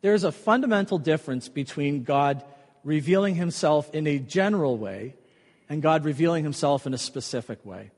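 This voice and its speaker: A man preaching a sermon as pastor, emphatic, often repeating a key phrase more quietly. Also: a little high, lively intonation, moderate pace, big-room sound.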